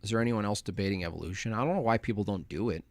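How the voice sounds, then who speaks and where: A man's voice: on the low side, racing, no echo. A man hosting a livestream, reading chat and ranting in a mocking, opinionated way. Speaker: livestream host.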